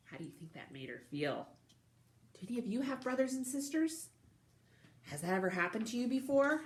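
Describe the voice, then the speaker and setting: A woman's voice: a little high, big pitch swings, brisk, long pauses. A woman librarian leading a recorded story time for young children, speaking cheerfully and asking them questions as she reads a picture book aloud. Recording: roomy echoey recording.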